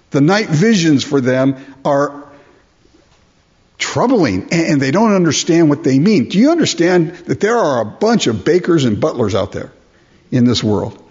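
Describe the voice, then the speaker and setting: A man's voice: fairly high pitch, darkish tone, husky. A man preaching a sermon, reading scripture aloud and explaining it, often asking his listeners rhetorical questions. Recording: dull lo-fi sermon recording.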